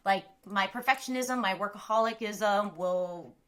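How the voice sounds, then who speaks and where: A woman's voice: medium pitch, a little slow, fairly bright tone. A young woman from Southern California chatting casually on a livestream, reacting to her chat, saying "like" a lot and laughing often. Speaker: livestream host.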